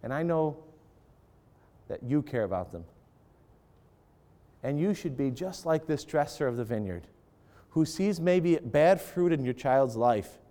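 Speaking to parents and students, a man preaches with fervor, swelling and dropping his voice as he dramatizes prayers. His voice is fairly high and mellow with lively intonation, and he goes unhurriedly, leaving long pauses.

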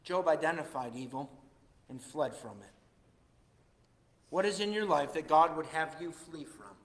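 A man preaching a sermon as pastor, animated, swinging between loud and hushed delivery. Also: fairly high pitch, unhurried. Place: church. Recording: echoey church hall.

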